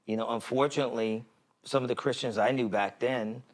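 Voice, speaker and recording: A man's voice: medium pitch, steady tone, fairly quick. A man co-hosting a faith podcast, talking in a reflective way that is full of restarts and repeated words. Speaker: podcast co-host. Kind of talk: casual discussion.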